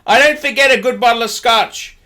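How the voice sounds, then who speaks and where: A man's voice: extremely high pitch, brisk, pushed and bright. A middle-aged man with an Australian accent, ranting in a commentary vlog, sardonic and scornful, repeating his catchphrases. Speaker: watch dealer.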